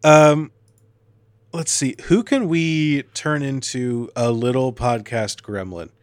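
A man co-hosting a comedy podcast in casual chat, firing off dry, teasing deadpan comebacks. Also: mid-range voice, slow, dry recording. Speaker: podcast co-host.

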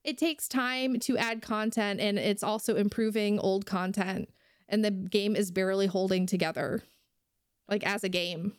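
A woman's voice: mid-range voice, steady tone, normal speed, clean tone, no echo, clean studio sound. Heated woman ranting on a podcast. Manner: heated, ranting, swears freely. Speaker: podcast co-host. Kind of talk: casual podcast chat.

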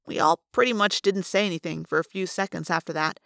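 A woman reading a first-person novel aloud as an audiobook, lively and rising for the dialogue. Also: lowish voice, fast, vocal fry, hardly any pauses, dry recording, clean studio sound. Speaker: audiobook reader.

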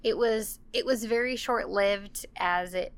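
A woman's voice: mid-range voice, measured pace, smooth. A woman co-hosting a casual chat about a TV drama, laughing often as she talks. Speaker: podcast co-host.

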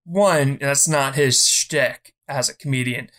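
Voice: medium pitch, takes it slowly, fairly bright tone. Blunt, profane podcast co-host. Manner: blunt, profane, heated ranting; repeats words when starting. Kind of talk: casual chat.

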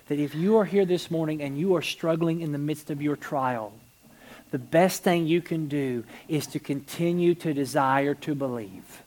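A pastor preaching a sermon in a church service, animated, swinging from quiet emphasis to near-shouting and often repeating words to build a point. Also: medium pitch.

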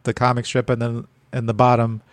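A man's voice: medium pitch, completely flat delivery, brisk, dry recording. Male co-host, chatty, laughs through his descriptions, dry close sound. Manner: laughs often, restarts while describing comics. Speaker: podcast co-host. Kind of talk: casual chat.

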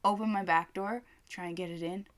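A woman's voice: fairly low pitch, fairly quick. A woman co-hosting a casual chat, telling a story with lots of swearing and acted-out quotes. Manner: animated storyteller, swears freely, acts out quotes. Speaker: co-host.

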